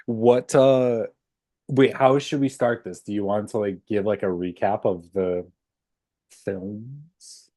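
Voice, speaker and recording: A man's voice: lowish voice, fairly even intonation, takes it slowly, warm tone, no room sound. A young man co-hosting a casual podcast chat, hesitant and laughing, with many ums. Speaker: podcast co-host.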